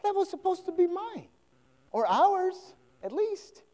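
A man preaching, voicing a young boy, the widow's son, who shouts in high disbelief. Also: big pitch swings, a little slow, long reverb tail, exaggerated voice. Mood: indignant.

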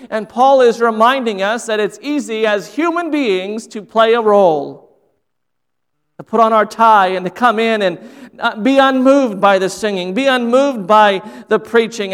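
Guy preaching in church, really high smooth voice, big echoey hall. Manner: earnest preaching with repeated phrases. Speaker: pastor. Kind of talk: sermon. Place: church sanctuary. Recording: long hall reverb.

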